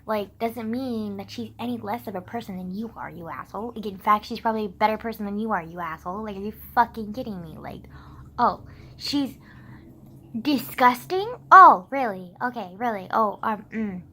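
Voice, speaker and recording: A woman's voice: medium pitch, fast talker, few pauses, a little hiss or hum, low-quality recording. A young woman ranting casually to camera, heated and sarcastic, swearing often and filling her talk with "like". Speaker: vlogger.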